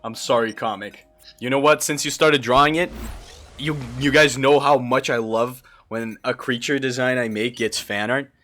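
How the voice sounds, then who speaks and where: A young man from Brazil doing live gameplay commentary as a streamer, excitable and quick to swear and yell. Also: mid-range voice. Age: young adult. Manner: excitable, swears often, yells and laughs in frustration.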